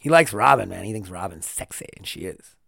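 A man's voice: low voice, expressive, fairly quick, gravelly, sharp tone, no room sound, clean studio sound. A man hosting his own podcast, rambling and swearing in a confessional solo monologue at home. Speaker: podcast host. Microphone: single podcast mic.

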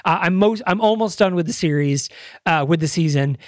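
A man's voice: a little high, fairly quick, no echo, clean studio sound. A man co-hosting a podcast, chatting casually, rambling and enthusiastic with casual swearing. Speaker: podcast co-host. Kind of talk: casual chat.

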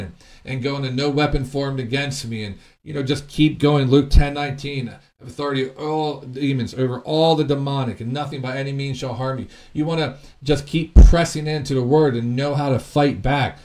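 A male pastor giving a sermon teaching, earnest, reading scripture loudly and then dropping to quiet reflection, with frequent repeated words and restarts. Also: medium pitch.

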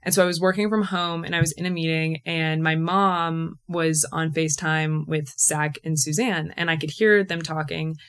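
A woman's voice: low-pitched, fairly even intonation, moderate pace, few pauses, fairly bright tone, clear, resonant tone. A young woman hosting a podcast, telling a personal story in a chatty, emotional way full of "like" fillers. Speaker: podcast host. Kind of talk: casual solo storytelling.

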